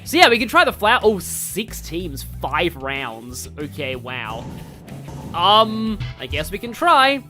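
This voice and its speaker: A game streamer provides excitable live commentary at a slow pace and medium pitch, talking to the game and yelling at big moments. He drifts into rambling, chatty asides packed with fillers. Loud game music plays underneath his voice.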